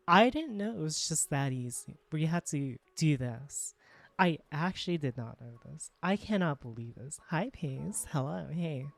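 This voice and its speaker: A woman streaming live, chatting casually while she works, excitable and full of exclamations as she greets her chat. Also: low-pitched, moderate pace, creaky, faint music behind. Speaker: live streamer and world creator.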